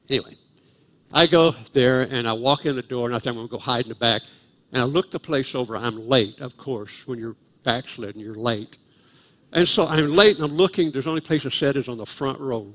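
A man's voice: mid-range voice, expressive, a little fast, fairly bright tone. An older man, preaching a sermon at a live church service and telling a humorous, self-deprecating story about his past. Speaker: guest preacher.

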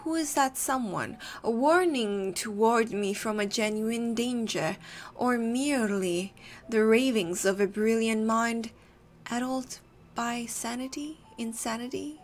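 A woman voicing a tormented gentleman haunted by a dark vision, reading his game dialogue aloud in a put-on, slightly odd accent. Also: fairly high pitch, unhurried, natural voice. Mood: brooding. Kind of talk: let's play dialogue reading.

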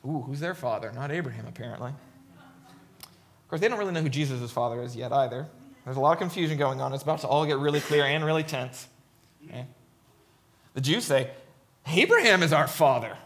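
A man's voice: mid-range voice, lively intonation, a little fast, long pauses, a bit bright. A man preaching a sermon, reading scripture aloud and commenting emphatically, often checking in with "right?".

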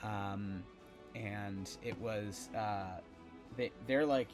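A man's voice: lowish voice, takes it slowly, music in the background. A man narrating as game master in a loose, rambling way, full of fillers and asides.

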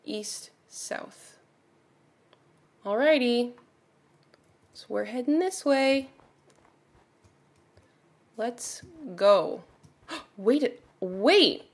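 Excitable lady chatting over her game, slow talk, bouncy voice, gasps a lot then mutters quietly. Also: on the high side. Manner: excitable, gasping, often drops to murmurs. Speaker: gaming streamer. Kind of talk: casual gameplay commentary.

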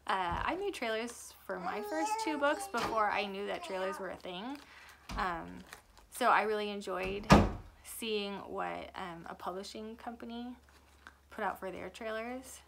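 A woman's voice: medium pitch, unhurried, vocal fry, very noisy. A young adult woman and author giving a chatty, rambling book review that often corrects itself. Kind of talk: casual book review chat.

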